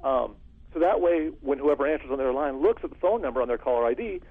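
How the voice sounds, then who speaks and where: A man working as a security consultant, telling stories in an interview in an animated way and acting out phone calls. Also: mid-range voice, fast talker, breathy edge. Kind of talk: storytelling interview answer. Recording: phone-like lo-fi audio.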